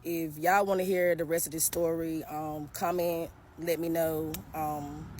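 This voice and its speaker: Woman, low-pitched, casual storytime vlog, earnest, emotional, talks straight to the audience. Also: background noise. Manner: earnest, addresses the audience directly as y'all; recounts events in a halting, emotional way. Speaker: vlogger telling her own story. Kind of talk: casual spoken storytime to camera.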